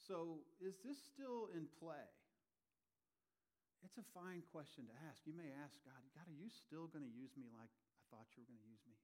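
A man preaching a sermon, animated and expressive, his volume rising and dropping as he acts out the people he quotes. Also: a little high, moderate pace. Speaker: pastor.

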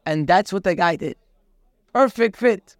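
A man teaching a Torah class, telling a parable and acting out the dialogue in an animated way. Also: high voice, measured pace, dry recording, clean studio sound. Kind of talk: storytelling lesson with a parable.

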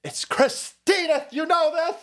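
A man's voice: extremely high pitch, heavy background noise, pitched above the performer's own voice. A man doing a whiny entitled coworker. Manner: whiny, slow and drawn out. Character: whiny entitled coworker demanding cry breaks.

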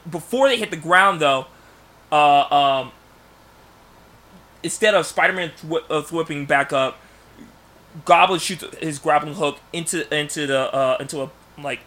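A man in casual podcast chat, pitching a movie plot in rambling bursts with many restarts. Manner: rambling storyteller, many restarts, bursts of loud acted lines. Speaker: podcast co-host.

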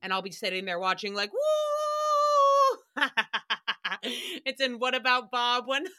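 Woman, podcast host, profane, ranting, bright voice, dry sound. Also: fairly high pitch, brisk, clear, resonant tone, no echo. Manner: sassy, profane, ranting, mock voices for quotes. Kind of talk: casual solo recap podcast.

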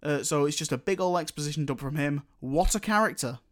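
Man, slightly high voice, opinionated, animated ranting, casual chat. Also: a little fast.

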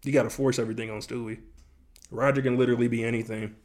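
A young man talks casually on a podcast with friends. His voice sits at a middle pitch. He is laid-back but opinionated and throws in animated asides. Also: racing. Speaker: podcast co-host. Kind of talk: casual chat.

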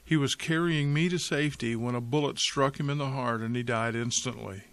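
A man's voice: mid-range voice, fairly quick, a bit bright, dry recording, close to an everyday voice. Grateful young soldier, told by a man, humble and earnest, in a dry voice.

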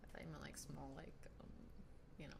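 Teasing young woman, lowish voice. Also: little pitch movement, a little fast, vocal fry, a little mellow, a little hiss or hum. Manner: teasing, blunt, laughs often. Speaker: podcast co-host. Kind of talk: casual banter.

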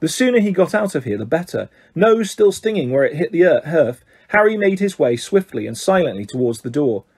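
A man reading a storybook aloud with a husky, mellow tone. His pitch moves a lot and sits a bit high. Expressive throughout. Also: a little fast, few pauses. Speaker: audiobook reader.

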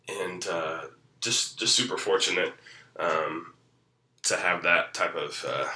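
A man's voice: lowish voice, pushed and bright, roomy sound, recorded from a distance, rough recording. A man in his thirties, a pastor, telling a personal faith story in a reflective way, with many fillers and restarts. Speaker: executive pastor. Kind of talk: personal testimony.

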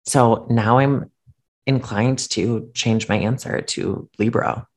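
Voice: medium pitch, slow pace. Rambling, self-deprecating podcast co-host. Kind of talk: casual chat.

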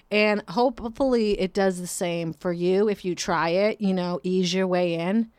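A woman's voice: lowish voice, no room sound. A woman hosting a podcast, talking in a blunt, profane, ranting casual monologue. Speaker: podcast host.

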